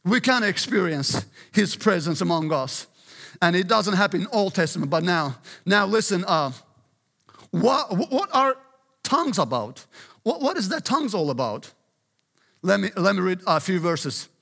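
High, bright-voiced preaching man in reverb. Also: big pitch swings, normal speed, vocal fry. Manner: emphatic preaching, frequent "listen" and "praise God". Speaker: pastor. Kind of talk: sermon.

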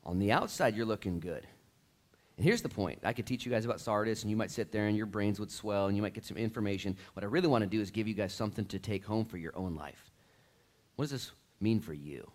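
A man preaching to his church, casual and lively, acting out quotes and dropping slang. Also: fairly low pitch, fast. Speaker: pastor. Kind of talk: sermon.

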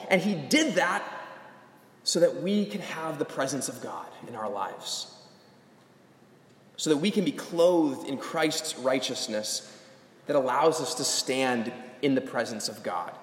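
A young adult man preaching a sermon as a pastor, animated and rising to emphatic calls. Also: fairly high pitch. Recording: echoey hall.

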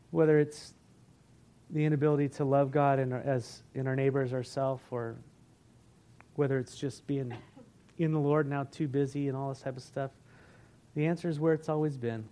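A man preaching a sermon as pastor, earnest and building, then easing into a soft, reflective prayer. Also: mid-range voice, steady tone, normal speed, long pauses. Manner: earnest preaching, rising and falling in intensity.

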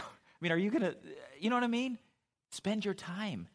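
A man's voice: high voice, expressive, moderate pace, fairly bright tone. A middle-aged man preaching a sermon as a pastor, telling stories in an easy, conversational way, with frequent restarts and asides.

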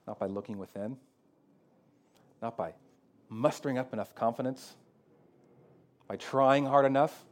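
Guy preaching a sermon, chatty w lots of "like," mid pitch, gets loud then drops real quiet. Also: unhurried, pauses often. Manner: conversational preaching with fillers like "kinda" and "like"; swings from loud emphatic peaks to quiet low stretches. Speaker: pastor.

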